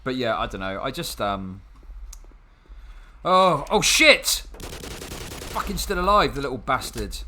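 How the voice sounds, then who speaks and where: Playing a game, this young gaming channel host talks in a casual, sarcastic ramble full of swearing and restarts. He speaks briskly in a sing-song, medium-pitched voice with a sharp tone, hardly pausing at all.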